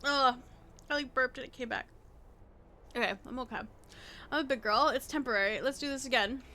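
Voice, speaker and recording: A young woman streaming live, chatting casually and excitably to her chat, rambling and laughing at herself. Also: high voice, a little fast, a little hiss or hum. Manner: excitable, rambling, self-deprecating, laughs often. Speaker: VTuber streamer.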